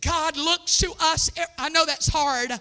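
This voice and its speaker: A woman pastor preaching a sermon with a sing-song cadence, rising to bursts of shouting and laughing now and then. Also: high voice, fairly even intonation, slow pace, long reverb tail. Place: church sanctuary.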